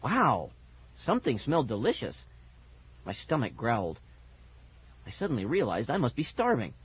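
A man's voice: medium pitch, sing-song, a little fast, husky. A man narrating a first-person scary children's story on audiobook, dramatic and building suspense, on a muffled cassette recording.

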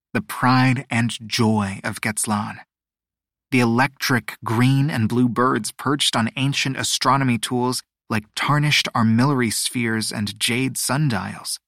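A man narrating a fantasy novel in an even, descriptive storytelling manner. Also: medium pitch, no echo, clean studio sound. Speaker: audiobook narrator. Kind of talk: scripted narration.

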